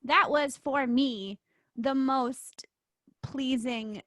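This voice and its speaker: A woman's voice: sits high, very slow, a bit bright, dry recording. A woman co-hosting a casual chat podcast, talking things through thoughtfully. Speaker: podcast co-host.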